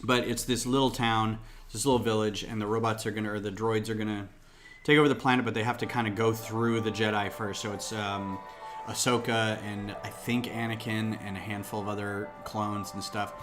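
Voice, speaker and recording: A man with a low voice hosts a casual livestream from home, rambling and thinking aloud as he builds. He sits a little back from his desk mic, and music plays clearly underneath. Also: level tone, fairly quick, fairly bright tone. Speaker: host of a LEGO design livestream. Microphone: desk mic, a bit farther off than usual.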